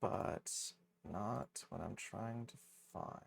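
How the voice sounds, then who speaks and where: A livestreamer chatting casually with viewers and thanking supporters, with a teasing, playful manner that swings from low mutters to excited squeals and laughter. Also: slow pace, creaky, husky. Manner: teasing, playful banter with chat. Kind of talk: casual live-stream chat, thanking viewers.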